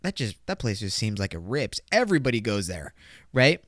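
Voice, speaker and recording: A young man hosting a casual solo podcast. His joking, rambling talk jumps between loud bursts and mumbled asides. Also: lowish voice, sing-song, fairly quick, no echo, studio quality. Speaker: podcast host.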